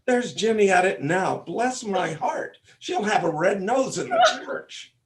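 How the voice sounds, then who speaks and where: A pompous, fussing father of the bride, played by a man on stage. His slightly high voice rises and falls in lively, theatrical sweeps. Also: unhurried, heavily acted. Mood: fussy. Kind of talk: stage comic opera acting.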